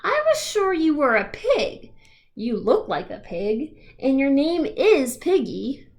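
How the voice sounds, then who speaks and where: A woman voicing a worried, easily shocked male elephant in a storybook, with anxious exclaiming and drawn-out questions. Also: on the high side, big pitch swings. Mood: puzzled.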